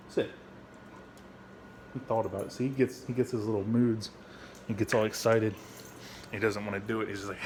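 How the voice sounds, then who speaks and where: A man talking bluntly in a casual, rambling vlog at home, swearing often and restarting his sentences. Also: slight background noise. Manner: high baby-talk voice when speaking to his dog. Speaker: veteran vlogger.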